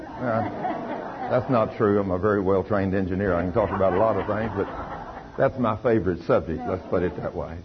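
A man's voice: on the low side, fairly quick, a faint crowd. An older man telling his testimony in an emphatic, folksy preaching style. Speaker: lay preacher giving testimony. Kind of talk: testimony sermon. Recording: dull lo-fi recording with faint noise.

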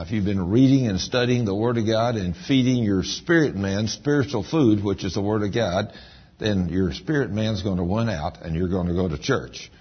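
Male pastor, down-home sermon storyteller; husky, slightly low voice on a dull recording. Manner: folksy storytelling, rises in emphasis.

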